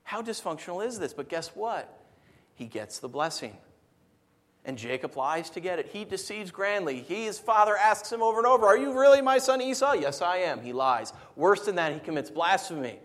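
Middle-aged pastor guy preaching, high lively voice, jokey, asks the crowd questions. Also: moderate pace. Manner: animated, rhetorical, humorous. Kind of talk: sermon.

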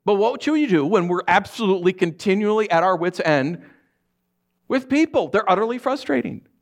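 Casual, animated male preacher. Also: high-pitched, a little fast. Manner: informal, animated, laughs often, acts out quotes. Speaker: pastor. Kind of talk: casual conversational sermon.

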